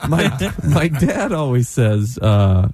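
Rambling deadpan man from Idaho. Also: medium pitch, slow. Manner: rambling deadpan storyteller, frequent laughs. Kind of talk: casual storytelling chat.

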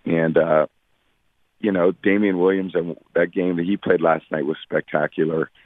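Deep-voiced man on a tinny phone line. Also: steady tone, no echo. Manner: measured, full of fillers. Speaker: guest athlete. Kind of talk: radio phone interview.

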